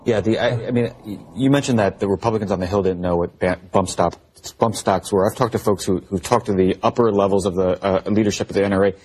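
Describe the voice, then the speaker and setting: A man talking politics in a halting way, repeating his words. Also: on the low side, fairly even intonation, a little mellow, slight background noise. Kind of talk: casual political talk.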